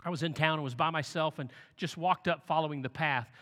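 Bright-voiced male pastor in a reverberant hall. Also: a little high, fairly quick. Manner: animated storytelling with big swings in loudness. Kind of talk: sermon.

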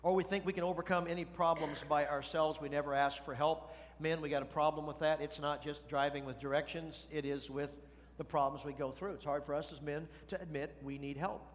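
A man's voice: a little high, steady tone, brisk. A middle-aged man preaching a sermon as a pastor, talking conversationally and asking the congregation questions. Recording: long hall reverb.

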